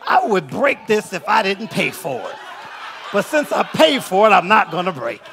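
A male pastor preaches in a very high, bright voice with a gravelly edge. He calls out to the congregation and pushes them to answer back. He often climbs into full shouts. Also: sing-song, moderate pace, some chatter behind, slight background noise. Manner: call-and-response preaching, shouting at peaks. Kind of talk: sermon. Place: church sanctuary.

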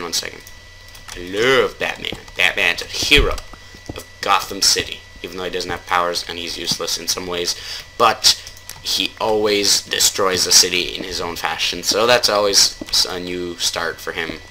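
A man's voice: deep voice, bright, forceful tone, slight background noise, rough recording. A man giving casual let's-play commentary while he plays, rambling and joking, then taking his jokes back. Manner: rambling, jokey, keeps taking things back. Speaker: gamer.

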